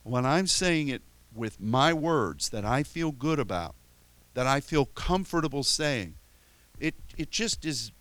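Male pastor, middle pitch, casual sermon delivery, halting restarts, dry close recording. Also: expressive, fairly bright tone, no echo. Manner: conversational, halting with frequent restarts; tells stories with chuckles and playful quoted voices.

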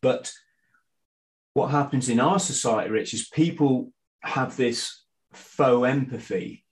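A middle-aged man, a guest in a casual conversation, talking in a halting way with frequent restarts and fillers. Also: medium pitch, rough recording. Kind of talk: casual conspiracy chat.

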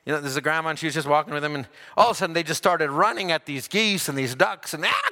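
A man preaching a folksy sermon, joking between loud, drawn-out scripture readings. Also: a little high, lively intonation, in a large hall.

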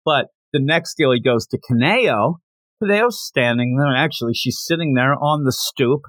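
A man talking through a comic chapter on his podcast in a loose, chatty way, full of slang and asides. He reads the characters' lines aloud as he goes. His voice sits at an ordinary middle pitch, and the recording is close and dry. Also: expressive, moderate pace, fairly bright tone, no echo. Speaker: podcast host. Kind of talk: casual manga recap podcast.

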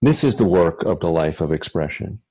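A man, a guest author, talking reflectively in a halting way with many fillers and restarts. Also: sits low, expressive, warm tone, breathy edge, no echo, poor audio. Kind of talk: reflective conversational talk.

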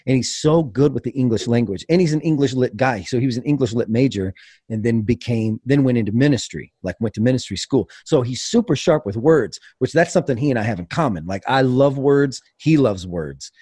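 A man's voice: medium pitch, brisk, breathy edge, dry recording, clean studio sound. A man telling a funny story in casual podcast chat, acting out other people's voices. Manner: animated storyteller, acts out voices. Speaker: podcast guest.

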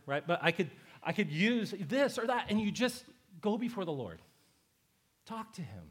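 Male pastor, middle-aged, slightly high voice, conversational preaching with emphatic repetition. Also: very animated, normal speed, husky. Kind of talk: sermon.

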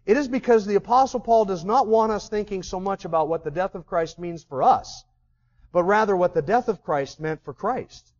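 A man's voice: high-pitched, normal speed, darkish tone. A man preaching a sermon with passion, asking his listeners questions and acting out the people he quotes. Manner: impassioned, acts out quoted voices, asks the audience questions. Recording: slightly dull, lo-fi recording.

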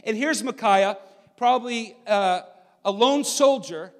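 A man preaching a sermon and reading from the Bible, emphatic and swinging from loud to hushed. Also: sits high, unhurried, long reverb tail.

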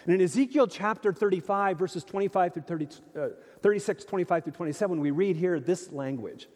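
Animated high-voiced preacher in a reverberant hall. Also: male voice, a little fast. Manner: animated, emphatic preaching with rhetorical questions. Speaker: pastor. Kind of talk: sermon. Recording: long reverb of a large hall.

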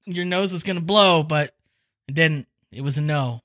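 Bright-voiced, giggly podcast guy. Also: a little high, normal speed. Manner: giggly, rambling, animated storyteller. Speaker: podcast co-host. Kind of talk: casual chat.

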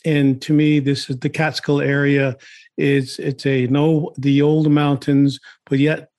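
A man hosting an interview in a reflective, measured way. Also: fairly high pitch, level tone, darkish tone, no echo, clean studio sound. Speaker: host.

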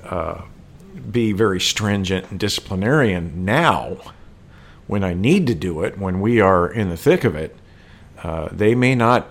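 A man's voice: sits low, animated, unhurried. A man discussing a war film in casual conversation, thoughtful and hesitant, with frequent fillers and restarts.

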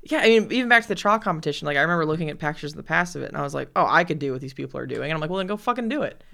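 Woman, podcast guest, quick talker, bright voice, blunt, casual swearing. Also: deep voice, animated, vocal fry.

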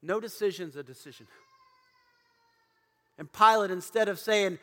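A man's voice: sits high, normal speed, long pauses, fairly bright tone, in a large hall. A man preaching a sermon in a church, dramatically acting out the voices of biblical figures. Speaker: pastor. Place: church auditorium.

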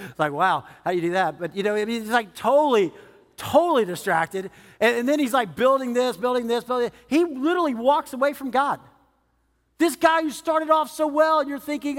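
A male pastor preaching a sermon in a lively, conversational way, acting out quotes in his own voice. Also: sits high, big-room sound. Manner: animated, conversational, acts out quotes.

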